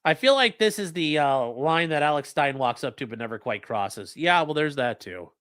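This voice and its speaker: A man's voice: on the high side, expressive, moderate pace, fairly bright tone, no echo, clean studio sound. Blunt, profane male stream host. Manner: blunt, profane, mocking asides. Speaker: livestream host and lawyer. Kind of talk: casual livestream commentary.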